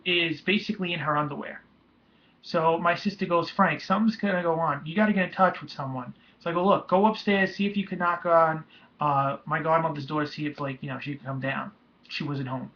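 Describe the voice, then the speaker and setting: A young man telling a painful personal story in a halting, emotional way, with many restarts. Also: a little high. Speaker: vlogger. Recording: dull lo-fi home recording.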